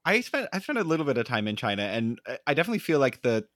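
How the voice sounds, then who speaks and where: A man's voice: medium pitch, very animated, very fast, fairly bright tone, dry recording, studio quality. A man interviewing a playwright, asking long, carefully hedged questions. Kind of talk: conversational interview.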